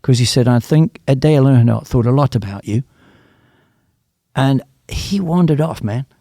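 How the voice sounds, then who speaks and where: A man's voice: medium pitch, normal speed, gravelly, warm tone, no room sound, clean studio sound. A man telling a story in a casual chat as a guest racing driver, earnest and quoting others in dialogue.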